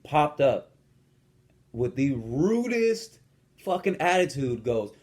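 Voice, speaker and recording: A man's voice: fairly high pitch, big pitch swings, a little slow. Brash young man ranting, profane. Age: young adult. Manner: blunt, profane, swaggering. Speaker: fitness and lifestyle coach. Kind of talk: casual vlog rant with storytelling.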